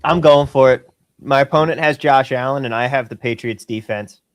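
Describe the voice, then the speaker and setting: A man's voice: mid-range voice, normal speed. A man on a live sports-betting panel, arguing his point logically with dry jokes in casual chat.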